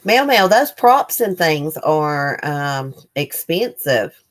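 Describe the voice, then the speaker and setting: A woman's voice: sits low, very animated, takes it slowly. A woman hosting a casual morning livestream, chatting loosely and reading viewer comments aloud. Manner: loose, rambling with fillers. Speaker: livestream host. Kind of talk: casual live chat.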